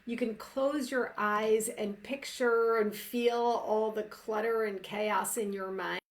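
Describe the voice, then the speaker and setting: Slow, soothing woman coach. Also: fairly high pitch, fairly even intonation. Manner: gentle, soothing, unhurried delivery with soft trailing phrase endings. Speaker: life coach hosting a live session. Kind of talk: slow guided breathing and reflective talk.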